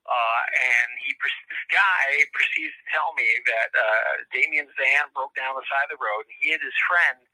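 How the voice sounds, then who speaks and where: A man's voice: mid-range voice, normal speed, hardly any pauses, sharp tone, no echo, low-quality recording. A man, a professor, telling a long story as an interview guest, rambling with many fillers and restarts.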